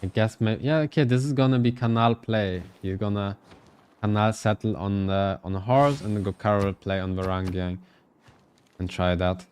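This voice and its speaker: A man's voice: fairly low pitch, steady tone, normal speed, a little mellow, smooth. A man casting a live strategy game match, giving loose, thinking-aloud play-by-play. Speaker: esports caster.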